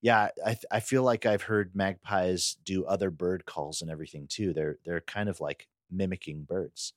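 A man's voice: low-pitched, steady tone, normal speed, dry recording, clean studio sound. A man co-hosting a podcast, easygoing in casual chat, agreeing and adding his own thoughts. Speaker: podcast co-host.

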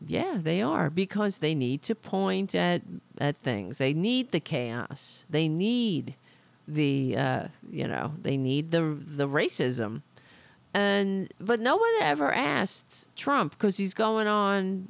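A woman's voice: deep voice, creaky, no room sound. A woman hosting a political commentary podcast, delivering a sarcastic, profane, indignant opinion rant.

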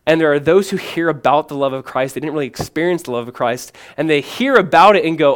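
A pastor preaches fast, with a fairly high, clean voice and hardly any pauses. He is earnest and emphatic, asking and answering his own questions, and he slips between strong proclamation and low, conversational asides dotted with "man."

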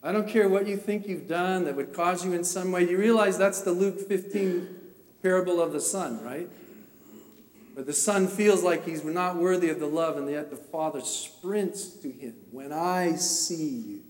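A man preaching a sermon through a personal story, talking with emotion that swells into impassioned shouting. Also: fairly high pitch. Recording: echoey hall, voice from far off.

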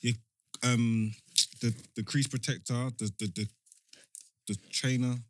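A man's voice: medium pitch, fairly even intonation, unhurried, dry recording, clean studio sound. A young man co-hosting a podcast in laid-back, slangy casual chat. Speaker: podcast co-host.

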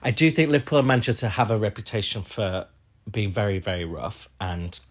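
Yorkshire guy on a chat podcast, deadpan jokes, storytelling vibe. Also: lowish voice, brisk. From Huddersfield, England. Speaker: podcast co-host. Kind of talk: casual chat.

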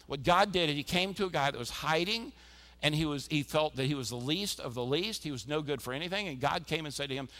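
A male pastor preaching a sermon, emphatic and energetic, often repeating his points. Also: fairly high pitch, fast talker. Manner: energetic, emphatic exhortation with repetition.

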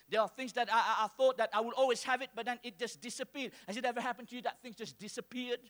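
Guy preaching in church, real high pitched, bright and sharp, gets loud then drops soft. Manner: call-and-response preaching, swings from soft to shouting. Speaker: pastor. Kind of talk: sermon. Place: church hall with congregation.

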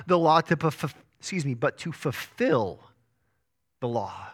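A man preaching in an earnest sermon style, his voice sitting a little high for a man. He swings from sharp, rising peaks down to soft, low endings, and often stumbles and restarts words as he goes. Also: expressive, normal speed. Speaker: pastor.

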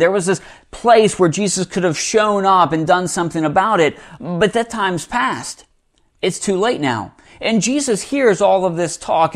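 Man, pastor, sermon, slightly high voice, casual preaching, soft hushed emphasis. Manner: conversational preaching, dropping to a hush for emphasis.

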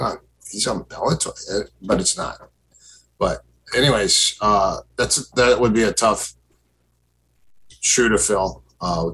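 Man, lowish voice, rambling guest anecdotes, slight hiss behind. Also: fairly bright tone, poor audio. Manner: rambling, many fillers and restarts, acts out quoted exchanges. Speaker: podcast guest, former fighter. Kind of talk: casual storytelling chat.

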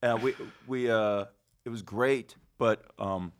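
A man hosting a podcast, telling rambling, foul-mouthed stories in casual chat, his voice slightly hoarse. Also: on the low side, fairly even intonation, takes it slowly. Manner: rambling storyteller, swears freely, laughs often. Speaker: podcast host.

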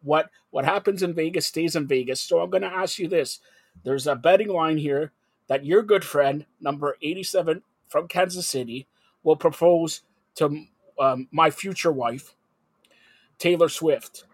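Brash, higher-voiced sports radio host man. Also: a little slow, husky, no echo. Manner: brash, jokey, leading questions. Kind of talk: sports talk radio chat.

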